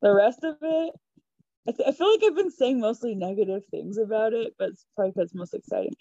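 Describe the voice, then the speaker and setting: A young woman tells a personal story as a podcast guest, chatty and quick to giggle. Her voice is mellow and warm, recorded dry and close with a slightly dull, lo-fi sound. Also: a little high, no echo. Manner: chatty, giggly, animated retelling. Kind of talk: casual storytelling.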